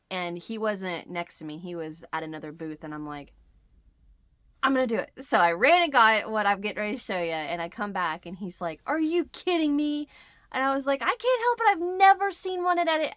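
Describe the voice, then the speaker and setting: A woman's voice: mid-range voice, bright, forceful tone, no room sound, studio quality. A middle-aged woman hosting a crochet channel, chatting to the camera and telling a story, acting out the quoted lines. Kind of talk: casual chat to camera.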